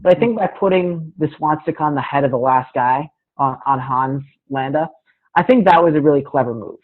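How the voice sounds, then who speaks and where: A man's voice: on the high side, fairly quick. A man co-hosting a casual film-discussion podcast, speaking in a thoughtful, hesitant way with frequent restarts. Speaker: podcast co-host. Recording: tinny phone-like call line.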